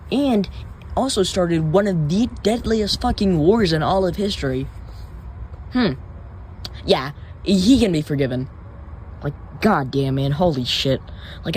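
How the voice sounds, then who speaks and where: A man's voice: fairly high pitch, a little mellow, slight background noise. A man hosting a reaction commentary video, ranting in an exasperated, profane and rambling way. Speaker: commentary channel host.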